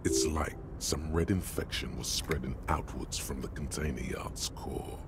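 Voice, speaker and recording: A man narrating a video game in a hushed, ominous, descriptive way. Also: rumbling low, fairly even intonation, measured pace, whispered.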